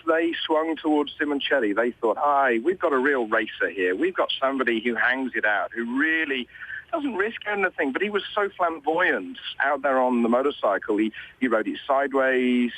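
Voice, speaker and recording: A man's voice: medium pitch, fairly bright tone, rough recording. A British man who commentates on motorsport, heard over a radio link in a news interview. He talks conversationally, restarting his sentences often. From Britain.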